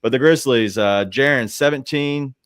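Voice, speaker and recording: A man co-hosting a casual sports talk show, rambling through his points with restarts and quick asides. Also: mid-range voice, fairly bright tone, clean tone, no echo, studio quality. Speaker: podcast co-host.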